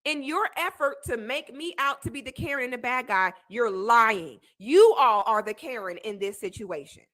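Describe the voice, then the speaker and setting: As a debate panelist reacting to a video, this young woman talks at normal speed in a fairly bright voice on the high side, her intonation lively. Her commentary is heated and indignant, emphatic, and full of repetition.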